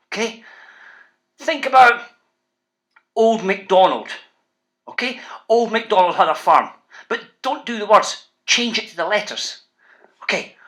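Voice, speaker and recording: A Scottish man teaches and reads to schoolchildren with playful, teasing energy. His voice sits fairly high and sounds bright and forward. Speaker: children's author.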